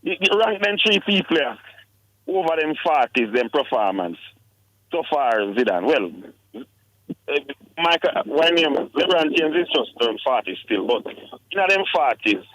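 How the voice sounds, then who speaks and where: A man's voice: fairly high pitch, very animated, unhurried, a bit bright, rough recording. A man with a Jamaican accent hosting a sports radio show, teasing his co-host and pushing him for answers in casual chat.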